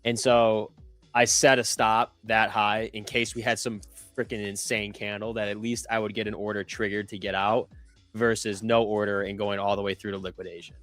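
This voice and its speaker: Young male trader, casual rambling delivery, clear low-leaning voice, light music bed. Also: flat delivery, moderate pace, a bit bright. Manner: loose, rambling, lots of "like" fillers and self-corrections. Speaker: trader on a live trading stream. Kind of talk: casual chat.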